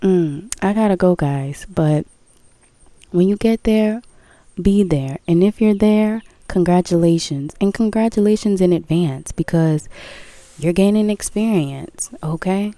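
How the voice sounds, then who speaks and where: With a warm, fairly low voice and a measured pace, a spiritual vlogger chats frankly with viewers about her path. She stresses points, repeats herself, curses and laughs, and the audio has no room sound.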